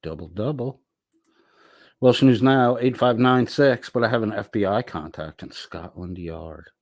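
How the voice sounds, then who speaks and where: A middle-aged man talks slowly and lazily, in a fairly low voice, as he hosts a casual livestream. He reads chat aloud and answers it with loose, profane banter. The sound is dry and close, with no room echo. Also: a little mellow. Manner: slow, drawling, profane banter. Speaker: livestream host reading chat.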